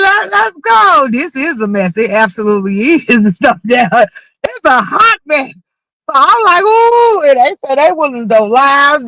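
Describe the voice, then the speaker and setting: A woman hosting a casual livestream gossip commentary. She talks in an animated, blunt and profane way and keeps reacting to her chat. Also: a little high, no room sound, low-quality recording.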